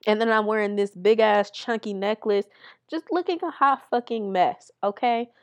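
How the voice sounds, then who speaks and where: A woman's voice: mid-range voice, moderate pace. A young adult woman hosting a podcast, telling candid stories in a blunt, profane way and laughing as she goes. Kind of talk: candid storytelling chat.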